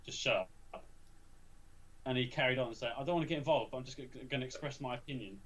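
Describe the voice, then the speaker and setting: A man's voice: mid-range voice, very fast. A young man, telling a school story in casual chat, rambling with frequent restarts and swearing. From England. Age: young adult. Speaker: podcast co-host.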